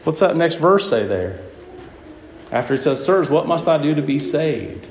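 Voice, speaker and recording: A man's voice: a little high, moderate pace, a little hiss or hum. A man preaching a sermon who keeps putting questions to his listeners and hammers his points home. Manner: lively, questioning the audience, emphatic. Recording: echoey room with faint ambience.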